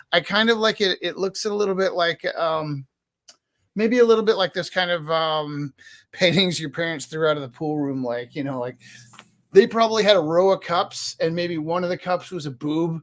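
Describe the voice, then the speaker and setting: Fifties male artist, rambling and self-mocking, slightly higher voice, auctioning his own work. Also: normal speed, a bit bright. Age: 50s. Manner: rambling, self-deprecating, jokey. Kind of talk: casual live-stream chat. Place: art studio, indoors.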